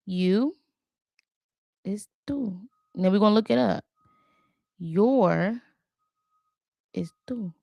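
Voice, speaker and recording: A woman chats casually to her viewers while she studies, thinking out loud and sounding out each word with care. Her voice has a gravelly edge, and she talks very slowly. The sound is close and dry. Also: medium pitch, no room sound, highs cut off. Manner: thinks aloud, chatty, talks to viewers as "y'all"; careful halting tries at Spanish words. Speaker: language learner vlogger. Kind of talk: casual chat while studying.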